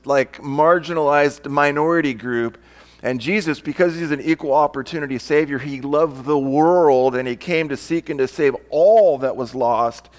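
A male pastor preaching a sermon, reading scripture aloud and explaining it, sometimes acting out different tones of voice. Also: on the high side.

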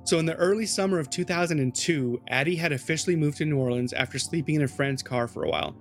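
A man's voice: on the high side, quick pace, soft background music. A man hosting a podcast, telling a true-crime story in a loose, chatty way with swearing and asides to his co-host.

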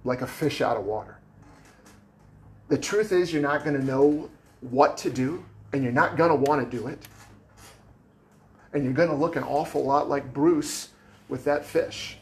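A man's voice: fairly high pitch, measured pace, long pauses. A man preaching a sermon as pastor, conversational and plainspoken, with casual asides to the congregation. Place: church sanctuary.

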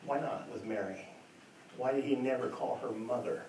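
A man preaches in a church with a creaky, darkish, medium-pitched voice, keeping a steady tone at normal speed. Earnest and emphatic, he repeats points and asks rhetorical questions; the recording is echoey, faintly noisy, and distant-miked.

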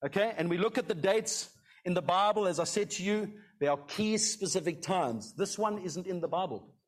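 A middle-aged man preaches a sermon in a loose, conversational way, and his voice sits notably high for a man. He keeps turning to the congregation with a quick "okay?" as he talks. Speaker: pastor.

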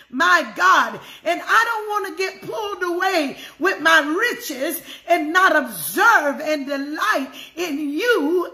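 A woman's voice: extremely high pitch, pushed and bright, reverberant. A woman leading a devotional sermon, fervently praying aloud and repeating her phrases. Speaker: devotional teacher. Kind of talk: prayerful sermon on scripture.

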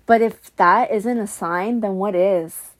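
A woman's voice: medium pitch, slow. A young woman vlogging heartfelt advice about letting go after a breakup, earnest and repetitive, calling the listener honey. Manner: earnest, repeats phrases for emphasis, calls listener honey. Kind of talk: emotional pep talk to camera.

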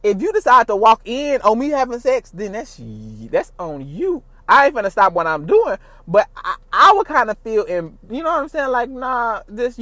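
A man with a high-pitched voice talks in a loose, unscripted monologue. He is animated and profane, jumping from loud, excited bursts to low, quiet asides. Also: dry recording. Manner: animated, profane, laughs often, swings loud and soft. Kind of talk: casual monologue.

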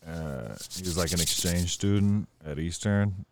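A man co-hosting a casual podcast, laid-back and slangy, pausing often with fillers. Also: low voice. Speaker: podcast co-host. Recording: clear background noise with clicks.

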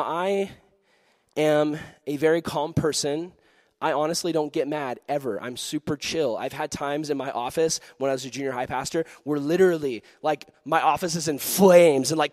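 A young man, a former youth pastor, telling comic faith stories in a self-mocking, animated way. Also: on the high side, no room sound, clean studio sound. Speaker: former junior high pastor. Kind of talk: comedic storytelling testimony.

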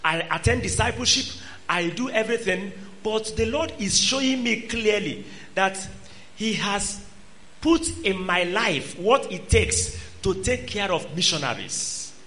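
A man preaching to a congregation. His voice sits high and bright for a man. He is emphatic, rising to loud exhortation and dropping to quiet asides. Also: expressive, measured pace. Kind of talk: sermon.

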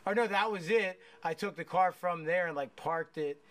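A man with a slightly high voice hosts a relaxed chat, swearing freely and laughing through his stories. He rambles, restarts his sentences and circles back to the point. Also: moderate pace. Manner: profane, laughing storyteller. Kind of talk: casual chat.

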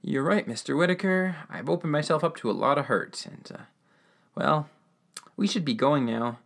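A man's voice: a little high, moderate pace, creaky, a bit bright. A man voicing a polite, hesitant young man in a retold radio-drama scene.

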